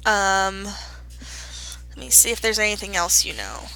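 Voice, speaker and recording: A woman's voice: mid-range voice, sing-song, slow, bright, forceful tone, rough recording. A young woman narrating a tabletop game as game master, rambling and correcting herself as she goes.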